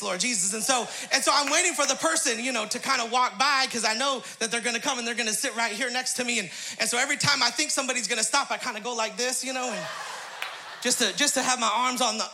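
A man preaching as a pastor, telling a humorous story with frequent laughter and quick praise interjections. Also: very high voice, bright, forceful tone, slight background noise.

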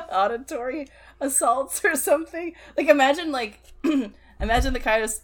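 A woman's voice: mid-range voice, vocal fry, slight background noise. A woman in casual movie-review chat, giggly and incredulous, her speech full of fillers.

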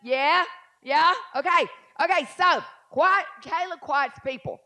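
High-voiced woman preacher. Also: takes it slowly. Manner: lively, swings from hushed asides to shouted declarations; acts out doubting voices in a low mutter. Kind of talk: live sermon.

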